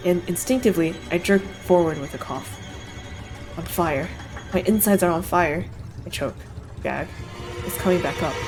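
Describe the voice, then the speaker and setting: A woman's voice: fairly low pitch, a little mellow. A woman streamer giving an intense, dramatic first-person reading of a visual novel.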